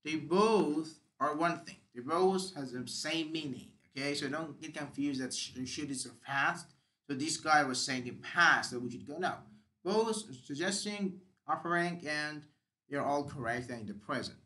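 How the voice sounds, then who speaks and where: A man's voice: fairly high pitch, unhurried, pushed and bright. A man teaching English grammar, explaining step by step with examples and the odd "uh".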